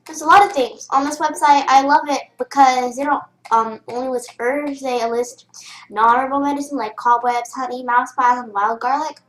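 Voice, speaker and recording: High-voiced young girl rambling in an echoey room. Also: fairly even intonation, moderate pace, a bit bright. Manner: chatty, rambling with fillers and restarts. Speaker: game tutorial host. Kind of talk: casual screen-recorded tutorial. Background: keyboard typing.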